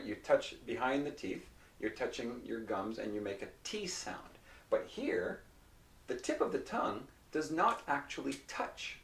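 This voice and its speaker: Male english teacher, slow deliberate delivery, patient, roomy echo, a bit off-mic. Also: medium pitch, far from the mic. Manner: patient, repeats words and checks in with "okay?". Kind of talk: slow, explanatory whiteboard lesson.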